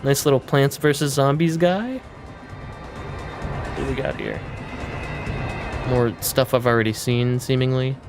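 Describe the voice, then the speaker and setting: Excitable young man streaming a game. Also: mid-range voice, slow, long pauses, music in the background. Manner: excitable, swears freely; baby-talk to his cat. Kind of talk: casual live-stream commentary.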